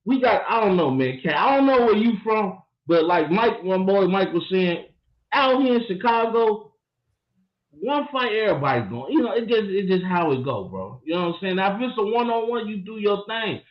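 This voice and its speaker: A man with a high, sing-song voice speaks at a normal speed while co-hosting a sports podcast. He talks emphatically, laughing and trading playful trash talk in casual sports chat. The room sound is echoey, dull and lo-fi.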